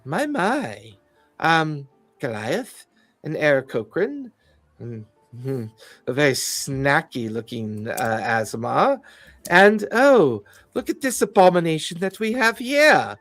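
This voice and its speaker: A man's voice: on the high side, very animated, takes it slowly, fairly bright tone, dry recording, faint music behind, full character voice. A man voicing a haughty male fae security chief who talks down to everyone and keeps calling people "dear boy". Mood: pompous. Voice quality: pompous, condescending, says "dear boy".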